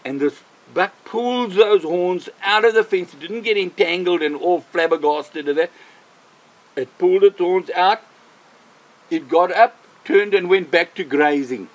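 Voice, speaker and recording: An older man, a missionary, telling a personal faith testimony in an animated way, repeating phrases for emphasis. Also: high-pitched, a little slow, poor audio. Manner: animated, vivid storyteller who repeats himself for emphasis.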